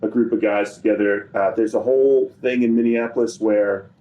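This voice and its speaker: A man on a podcast as the guest, chatting about his working life. His voice sits on the lower side. He talks in a relaxed, rambling manner, stringing thoughts together with plenty of fillers. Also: fairly quick, muffled recording. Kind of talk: casual chat.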